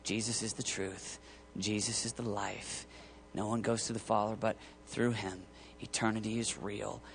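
A man preaching a sermon to a ministry team, impassioned and rising to near-shouting peaks, acting out quoted voices. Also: fairly low pitch, flat delivery, gravelly, a little hiss or hum. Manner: acts out quoted voices and awkward pauses. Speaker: pastor leading a ministry tour team.

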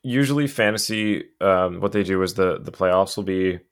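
A man co-hosting a casual sports podcast, talking sports in a quick, easygoing way. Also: low-pitched, smooth. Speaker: podcast co-host.

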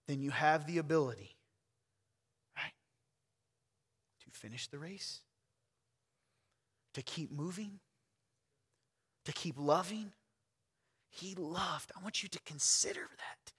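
A male pastor with a fairly high voice preaches to a congregation in a church. He swings from loud calls down to hushed near-whispers and drops conversational asides to his listeners.

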